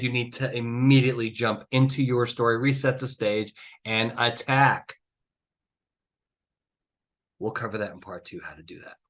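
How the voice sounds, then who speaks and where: A man's voice: mid-range voice, sharp tone. A man hosting a podcast, giving blunt, emphatic advice with swearing and exasperated outbursts. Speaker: trial consultant podcast host. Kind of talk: animated solo podcast talk.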